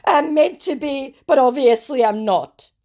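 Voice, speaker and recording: A woman voicing a young male online scammer posing as a celebrity, speaking slowly in stilted, formal phrases. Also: high-pitched, expressive, darkish tone, pitched above the performer's own voice.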